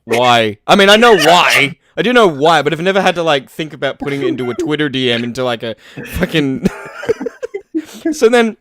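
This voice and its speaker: A man's voice: on the high side, sing-song, normal speed, crowd noise. A man hosting a podcast in loose, rambling casual chat, laughing often. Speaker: podcast host. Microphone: home desk mic over voice chat.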